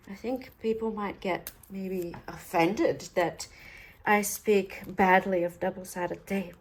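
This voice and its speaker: A woman's voice: medium pitch, fairly even intonation, slow. A woman chatting casually through a craft tutorial, talkative and playfully sarcastic.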